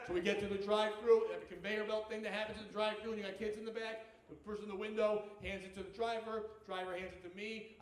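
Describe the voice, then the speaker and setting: On a comedy club stage, a male stand-up comedian with a high voice delivers a profane, animated storytelling set. The mic is distant, the club echoes, and audience laughter can be heard.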